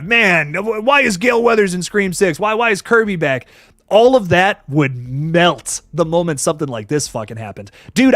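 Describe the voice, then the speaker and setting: A young man hosting a live stream, talking fast and loose with plenty of swearing and shout-outs to chat. His voice is fairly high and swings widely in pitch. The sound is close and dry. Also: dry recording. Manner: animated, swears often, reads chat aloud.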